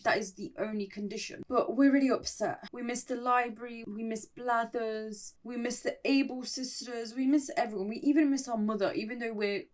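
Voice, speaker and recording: A woman's voice: on the high side, recorded from a distance. Giggly woman reading a story aloud. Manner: giggly, sarcastic asides. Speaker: story reader and commentator. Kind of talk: casual story reading with commentary.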